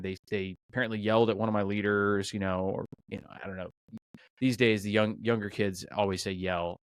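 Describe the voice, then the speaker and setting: A middle-aged restaurant owner telling a story in a conversational interview, animated, acting out the dialogue, with many fillers and restarts. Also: male voice, lowish voice, dry recording. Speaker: restaurant owner, podcast guest.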